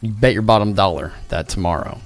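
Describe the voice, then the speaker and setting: A man's voice: on the low side, fairly quick, faint music behind. A tired man hosting a livestream, chatting casually in a rambling, jokey way. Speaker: crypto livestream host.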